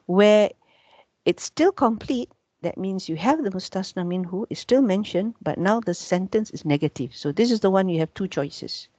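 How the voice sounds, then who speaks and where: A woman's voice: sits low, warm tone, dry recording, highs cut off. A woman from Malaysia, teaching an online grammar class and patiently repeating points, checking in with "yeah?" between them. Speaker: Arabic teacher.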